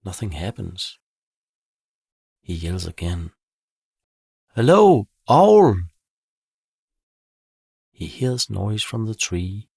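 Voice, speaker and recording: Guy reading a kids bedtime story, husky voice, dry close sound. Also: deep voice, dry recording. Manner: calm, measured storytelling. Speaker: narrator.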